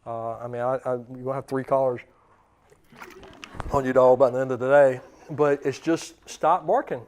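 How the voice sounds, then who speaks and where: A man's voice: mid-range voice, steady tone, slight background noise. A man in his thirties, a dog trainer, giving a seminar talk and acting out commands and dogs' thoughts. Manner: forceful, acts out commands and dog thoughts in quick voices.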